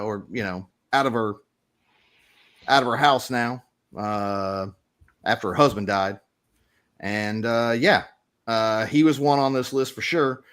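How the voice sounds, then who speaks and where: A man's voice: medium pitch, fairly bright tone. A man playing a rambling, conspiratorial newspaper reporter as game master in a tabletop role-play. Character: gossipy middle-aged male small-town newspaper reporter.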